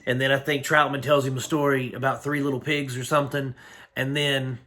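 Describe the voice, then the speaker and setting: A man's voice: mid-range voice, flat delivery, brisk, pushed and bright. A man recapping a film in a casual, rambling, slangy way, full of fillers. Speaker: film reviewer.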